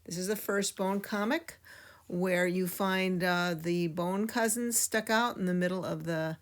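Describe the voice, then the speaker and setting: Relaxed woman teacher reading a comic aloud. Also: lowish voice. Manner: relaxed, with many fillers and pauses. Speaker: cartooning teacher. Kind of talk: casual classroom read-aloud.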